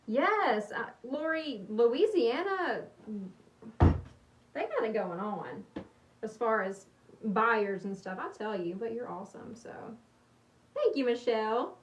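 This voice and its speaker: A woman's voice: fairly high pitch, sing-song, slow, long pauses, highs cut off. Chatty woman crafting on a livestream. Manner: chatty, bubbly, rambling, laughs often. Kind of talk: casual livestream chat while crafting. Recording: roomy, slightly distant with faint hiss.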